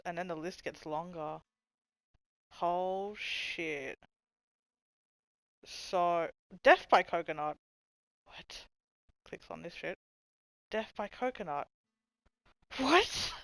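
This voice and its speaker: A woman with a lowish voice and no echo is livestreaming and reading chat. She thinks aloud while searching, laughing a lot and swearing freely in casual conversation.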